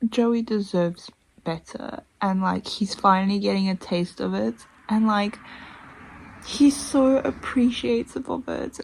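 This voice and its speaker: A woman talking casually in a reading vlog at home, emotional, swinging between hushed whispers and excited outbursts. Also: medium pitch, unhurried, slight background noise, rough recording. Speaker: book vlogger.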